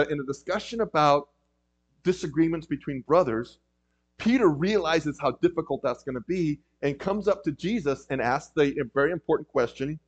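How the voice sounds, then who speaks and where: A man preaching a sermon in a conversational way, with frequent ums and emphatic rises. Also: on the high side. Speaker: pastor. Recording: dull lo-fi recording.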